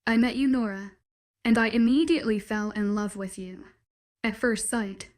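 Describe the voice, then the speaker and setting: A woman's voice: on the high side, normal speed, close to an everyday voice. A woman reading the lines of a possessive young male werewolf, pleading with intense declarations. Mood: earnest pleading.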